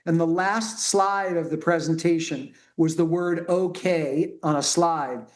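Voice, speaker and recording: A middle-aged male pediatrician talking earnestly and haltingly with many restarts in a conversation. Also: fairly high pitch, fairly even intonation. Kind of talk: conversational interview talk.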